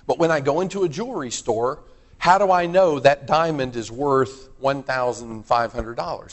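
A man with a mid-range voice preaches a sermon at a moderate pace, conversational yet emphatic, posing questions to his listeners. The recording carries a long hall reverb.

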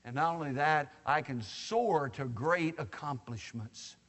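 Folksy, joking preacher man with a high voice, sermon recorded in a reverberant church hall. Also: unhurried, a bit bright. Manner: folksy and joking, addressing the congregation directly.

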